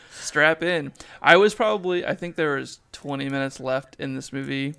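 A man's voice: on the high side, vocal fry, bright, forceful tone, clear, resonant tone. A man co-hosting a podcast, chatting casually with wry, joking reactions. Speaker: podcast co-host. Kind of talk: casual chat.

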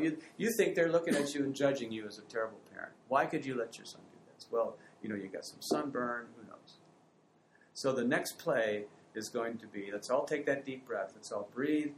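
A man giving parenting advice in a conversation, telling stories with lively acted-out family voices. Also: medium pitch, fast, a little hiss or hum, poor audio. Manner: animated storytelling, acts out family voices.

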